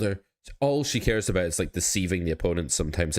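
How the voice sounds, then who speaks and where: Low-voiced poker streamer. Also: male voice, expressive, fast talker. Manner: chatty, self-critical, talks to chat. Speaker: poker coach streaming his play. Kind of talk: casual live-stream commentary.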